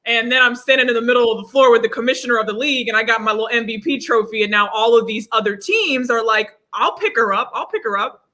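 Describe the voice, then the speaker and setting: A young woman speaks over a video call, her voice bright and forceful. She tells her story with energy and acts out the lines of other people as she goes. The tone stays casual and conversational. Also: fairly high pitch, fast talker, few pauses. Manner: animated storyteller, acts out quotes. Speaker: guest.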